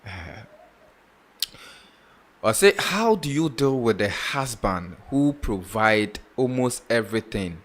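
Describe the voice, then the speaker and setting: A man's voice: fairly low pitch, animated, takes it slowly, fairly bright tone. A man hosting a radio talk show, thanking his guest and moving into the next listener question with loose restarts. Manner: brief affirming responses, loose restarts.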